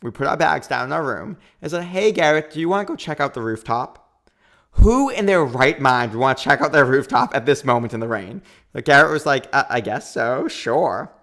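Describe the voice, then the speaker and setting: Man, 30s, podcast guest, animated storyteller, acts out dialogue, average pitch. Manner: animated, quick storytelling with acted-out quotes. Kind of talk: storytelling in a casual interview.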